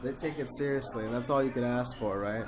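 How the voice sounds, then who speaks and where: A man's voice: mid-range voice, quick pace. A man being interviewed as a comedian in a dive bar, chatting in an easygoing, casual way. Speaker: comedian and guest. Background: music.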